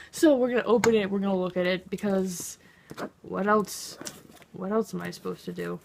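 A woman's voice: medium pitch, a little slow, vocal fry, darkish tone. A young woman telling a story in a casual vlog, sarcastic and exasperated, swearing freely. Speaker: vlogger.

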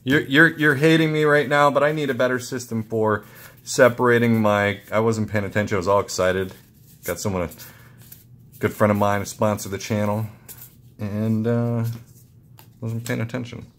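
A young man excitedly opening trading card packs for his channel, muttering card names with sudden yelps of delight. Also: normal speed. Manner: excitable, muttering asides, jumpy pitch. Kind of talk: casual pack-opening commentary.

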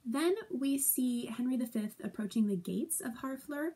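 A woman's voice: a little high, normal speed, mellow, husky. A woman teacher casually summarizing a play for her students, chatty and playful, with lots of fillers. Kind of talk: casual classroom summary video.

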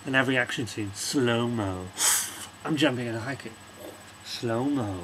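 A man rants through a film review in a loose, rambling way, swearing freely as his exasperation builds. His voice sits at a mid pitch, and faint background noise runs beneath him. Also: moderate pace. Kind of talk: casual rant-style film review.

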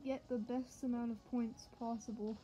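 A fairly high-voiced woman streams a fighting game, chattering and joking straight to her viewers. She gets excitable, shouting at enemies between casual asides, with a faint noise under her voice. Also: moderate pace, rough recording. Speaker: gaming channel host. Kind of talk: let's-play commentary.

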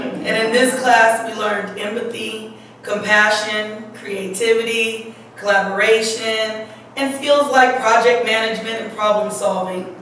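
Woman educator, hoarse and losing her voice, fond speech at an awards event, mic far off in a very echoey hall. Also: fairly high pitch, steady tone, measured pace, a little hiss or hum. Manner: warm, fond, laughing at her own stories. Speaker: local educator introducing an honoree. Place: large room at an event.

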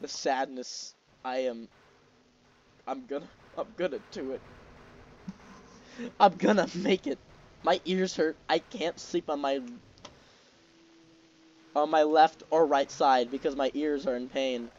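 A man's voice: fairly high pitch, slow pace, pauses often, darkish tone, dull audio. A young man giving casual, exasperated commentary while playing a game, talking to himself and swearing. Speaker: gamer.

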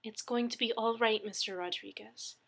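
A woman's voice: on the high side, fairly quick, sharp tone. A woman voicing a friendly female emergency dispatcher who talks in a chatty, reassuring way in an audiobook reading.

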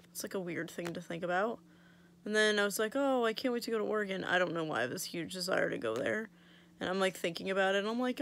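A young woman tells a story to her camera in a loose, chatty way. She mocks herself, quotes her own thoughts aloud and laughs often. Her pitch sits in the middle. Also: expressive, moderate pace, gravelly, long pauses, a bit bright. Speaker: vlogger. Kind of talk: casual storytelling.

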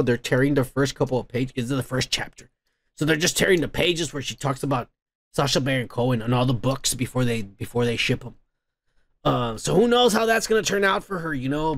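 A man hosts a comedy podcast in a high, gravelly voice. He rants crudely about the news, full of swearing and rambling tangents. He laughs at his own jokes, recorded close and dry. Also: a bit bright, no echo. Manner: profane, rambling, laughs often. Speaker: podcast host.

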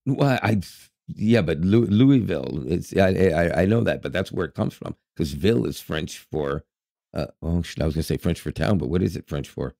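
A man from Canada with a very low, gravelly voice, co-hosting a podcast in easy, joking chat. He corrects himself mid-sentence. The sound is dry and close to the mic. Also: animated, moderate pace, mellow, dry recording. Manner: joking, chatty, self-correcting. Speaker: podcast co-host.

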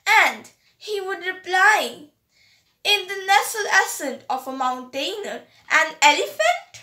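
A woman with an Indian English accent, reading a story aloud as an audiobook narrator, slow and careful, in a roomy, echoey recording. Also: extremely high pitch, animated, bright, forceful tone. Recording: roomy echo.

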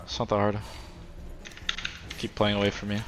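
A man's voice: lowish voice, completely flat delivery, normal speed, heavy background noise. A man casually commenting on his own gameplay, joking and swearing loosely. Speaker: streamer playing a video game.

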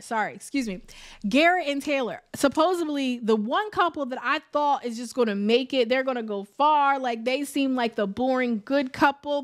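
A woman's voice: sits high, a bit bright. A woman giving a casual, exasperated reality TV review, chatty and emphatic, repeating words for effect and saying "like" often. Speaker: TV show reviewer.

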